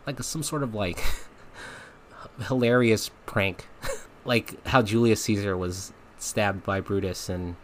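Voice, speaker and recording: Low-voiced man telling a comic story. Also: slow, slight background noise. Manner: animated, laughs often, frank and comic. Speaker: podcast host. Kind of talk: casual storytelling monologue.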